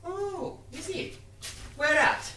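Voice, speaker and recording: An actor playing a sardonic, needling older Irish soldier in a stage play, heard from far off in a roomy theatre. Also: male voice, very high voice, slow pace, bright, forceful tone, full character voice. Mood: mocking. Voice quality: wry, theatrical, mocking. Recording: roomy theatre sound from far off, faint noise.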